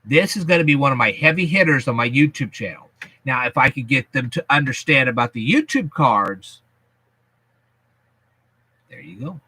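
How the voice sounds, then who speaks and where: Lively, bright-voiced chatty man. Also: mid-range voice, husky, dry recording. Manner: folksy, chatty, emphatic. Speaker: YouTube channel host. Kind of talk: casual vlog explaining to viewers.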